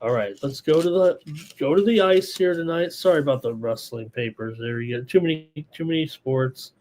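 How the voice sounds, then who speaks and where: Male betting-show host, hoarse, slightly high voice, casual rambling live analysis. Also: normal speed, darkish tone. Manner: rambling, thinks aloud with fillers. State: hoarse, losing his voice.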